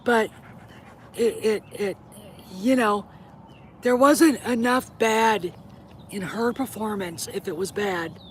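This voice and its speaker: A woman's voice: mid-range voice, slow. A middle-aged woman talks straight to her audience in a casual vlog, blunt and opinionated, with swearing scattered through her talk. Her voice sits in a middle range. A faint hiss of background noise runs under the recording. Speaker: host.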